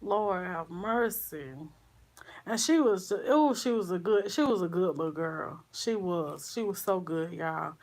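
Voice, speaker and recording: A woman vlogger talking slowly and softly to her viewers, full of sighs and halting restarts. Her voice is subdued and grieving, and she calls her audience y'all in a loose, casual livestream chat. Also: fairly low pitch, lively intonation. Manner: slow, sighing, halting, speaks to viewers as y'all.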